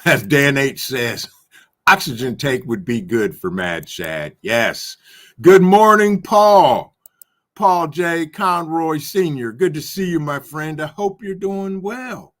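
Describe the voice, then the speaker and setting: Easygoing guy hosting a stream, reads out chat, greets folks, chuckles a lot, slow and unhurried. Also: mid-range voice, bright, forceful tone. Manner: upbeat, reads viewer comments aloud and greets each by name; chuckles often. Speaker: livestream host reading chat. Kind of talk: casual chat.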